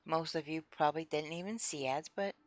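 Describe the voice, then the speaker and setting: A young woman streaming a game, chatting casually with her viewers in an expressive, excitable way on a close desk mic. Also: deep voice, fairly quick, no echo. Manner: expressive, chatty, gets excited and laughs a lot. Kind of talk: casual live-stream chat.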